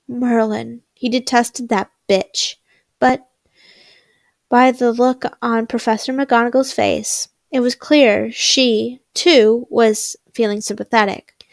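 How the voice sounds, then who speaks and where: A young woman reading fan fiction aloud, slowly, with frequent stumbles and restarts. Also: a little high, creaky, no echo, studio quality. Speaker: fanfiction reader.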